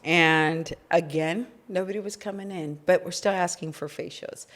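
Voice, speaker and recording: Low-voiced woman telling her story. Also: normal speed. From California. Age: middle-aged. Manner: animated, acts out quoted dialogue. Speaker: podcast co-host, business founder. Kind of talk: casual storytelling chat.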